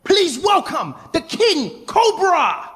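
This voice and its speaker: A man voicing a showman announcer at a snake show, with grand, drawn-out announcing. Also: extremely high pitch, huge pitch swings, fairly bright tone, in a large hall, voice pushed up, heavily acted. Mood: grandiose.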